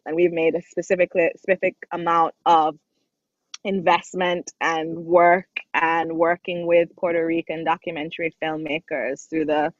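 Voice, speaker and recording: A woman from Jamaica speaks as a guest, a film representative who answers thoughtfully and pauses often. The recording sounds dull and dry, with the top end muffled and no room around her voice. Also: lowish voice, dry recording. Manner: thoughtful, with frequent "um" and "you know". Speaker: documentary film organization representative. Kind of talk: interview answers.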